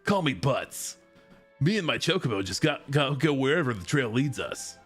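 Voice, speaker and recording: A man's voice: medium pitch, very animated, moderate pace, slightly rough. Man voicing a young male wanderer, surfer bro, laid-back drawl, faint music underneath.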